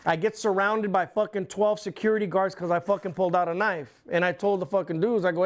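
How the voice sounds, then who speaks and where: A middle-aged man, a guest on an interview, spins a long, rambling story in casual, profane language, acting out the scenes with lively retellings. His voice sits high and he talks briskly, barely pausing.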